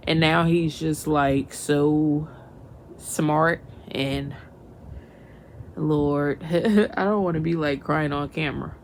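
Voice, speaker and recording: In a noisy home recording, a young woman talks casually for her mom vlog from her kitchen, laughing often and becoming sentimental, even teary. She speaks slowly, her voice low with fairly even intonation.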